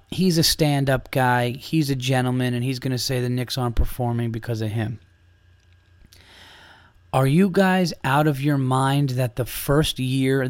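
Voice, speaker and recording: A man's voice: medium pitch, darkish tone, no echo, clean studio sound. A man hosting a comedy podcast, ranting in a heated, profane, emphatic way.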